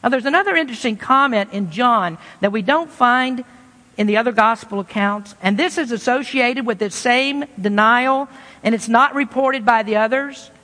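A man's voice: very high voice, normal speed, sharp tone. A man from Kentucky, preaching a sermon in a folksy, conversational way with homespun asides. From Kentucky, USA. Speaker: pastor. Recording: reverberant church hall.

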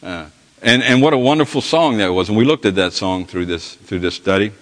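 Guy teaching a bible class, low voice, folksy and halting, long hall echo. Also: fairly bright tone. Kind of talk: Bible study lesson.

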